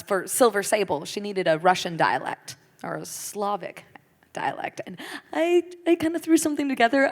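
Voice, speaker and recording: A woman telling an animated, chatty story as a panelist at a convention. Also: medium pitch. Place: large convention hall. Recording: echoey convention hall.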